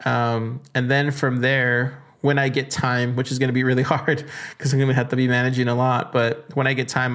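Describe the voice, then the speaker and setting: A man's voice: medium pitch, a bit bright. A man hosting a podcast, talking loosely and casually with lots of fillers. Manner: loose and chatty with many fillers. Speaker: podcast host. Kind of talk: casual solo podcast talk.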